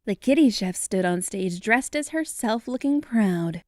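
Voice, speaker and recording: A woman narrating a children's storybook in an animated read-aloud manner. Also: mid-range voice, measured pace, no room sound, clean studio sound.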